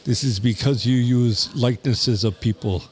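A man's voice: mid-range voice, normal speed, a little mellow. A man co-hosting a podcast in casual chat, telling stories in a rambling way with frequent restarts. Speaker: podcast co-host.

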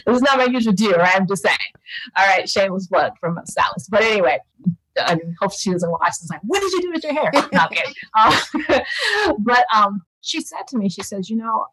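A woman in her thirties, a podcast guest and author, talking in an animated, emphatic way and often laughing. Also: medium pitch, a little fast, slight background noise, poor audio. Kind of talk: conversational interview.

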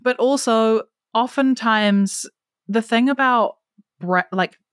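A woman's voice: a little high, slow pace, clean tone, dry recording, studio quality. A young woman guest in a casual talk about marketing. She explains her points thoughtfully, often restarting her sentences. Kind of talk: casual chat.

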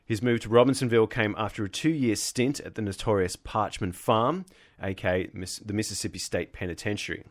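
Low-pitched male podcast host presenting researched history in casual banter. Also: a little fast. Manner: narrates from notes with frequent laughs and self-corrections. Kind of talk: casual chat, reading history notes.

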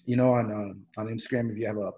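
A man's voice: lowish voice, steady tone, fast, warm tone, dull audio. A man hosting a podcast, chatting loosely with many restarts, fillers and some swearing. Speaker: podcast host. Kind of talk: casual podcast chat.

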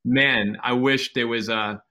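A man with a bright, forceful tone shares his own experience on a podcast. He talks in an earnest, reflective way and repeats words for emphasis. The feel is casual and open. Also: mid-range voice, fairly even intonation, takes it slowly. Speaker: podcast co-host, chiropractor. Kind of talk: conversational podcast discussion.

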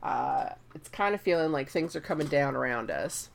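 A woman co-hosting a podcast, chatting casually about a book, giggling and slipping into quick character asides. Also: low voice, sing-song, gravelly. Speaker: podcast co-host.

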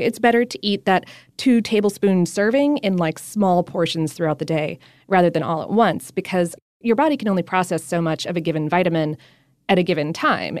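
A woman's voice: fairly low pitch, a little mellow, dry recording, clean studio sound. A woman co-hosting a casual podcast, talking in a chatty, upbeat way. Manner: chatty and upbeat, with frequent fillers and laughs. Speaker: podcast co-host.

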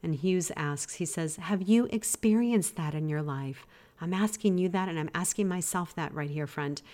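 A woman hosting a devotional podcast, teaching in an earnest, gently exhorting way. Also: lowish voice, normal speed. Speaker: podcast host.

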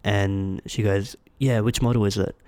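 A man recounts a story in relaxed chat, slipping into the voices of the people involved. His voice sits low, and the sound is dry and close. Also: normal speed, no echo. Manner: animated storytelling, acting out dialogue. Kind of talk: casual chat.

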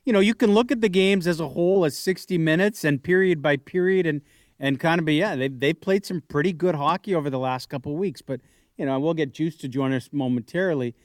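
A man hosting sports talk radio, thinking out loud and asking questions conversationally. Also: on the high side, brisk, no echo, studio quality. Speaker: radio host.

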